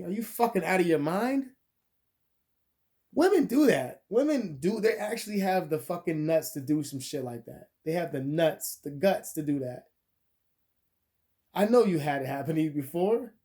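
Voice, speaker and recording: This young vlogger's voice sits on the high side as he rants through a profanity-laced story. His crude, animated delivery lurches between loud outbursts and quiet muttered asides.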